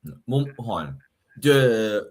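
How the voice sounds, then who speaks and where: A man co-hosting a casual chat, joking playfully with lively swings in his voice. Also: on the low side, takes it slowly, a little hiss or hum. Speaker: podcast co-host. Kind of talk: casual chat about language building.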